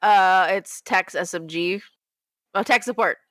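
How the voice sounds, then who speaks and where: A young woman co-hosting a podcast, telling a story in casual chat, animated, laughing often and acting out quotes in high voices. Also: a little slow, dry recording. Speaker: podcast co-host.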